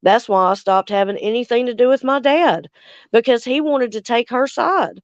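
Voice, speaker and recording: Woman in her forties, livestream host, blunt and angry, smooth clear voice, dry and slightly muffled sound. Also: a little high, moderate pace, no echo. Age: 40s. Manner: angry, blunt, heavy swearing, reads out viewer comments. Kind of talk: casual livestream chat with viewers.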